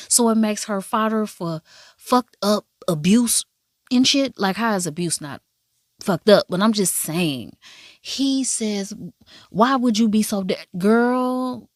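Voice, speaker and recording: A woman giving a casual, profane and animated recap of a drama, with asides in a high voice. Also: no room sound, clean studio sound. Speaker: drama reviewer.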